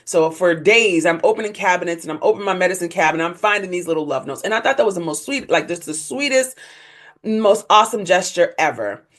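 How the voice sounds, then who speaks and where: A young woman, a podcast guest, telling her story in candid conversation, voice leaping up when she acts out others. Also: fast talker. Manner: animated, leaps high in pitch when acting out others.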